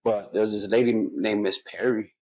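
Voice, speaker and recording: A man's voice: fairly low pitch, steady tone, moderate pace, darkish tone, dry recording, rough recording. A man hosting a casual chat, speaking earnestly and calling his guest bro and man. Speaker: host.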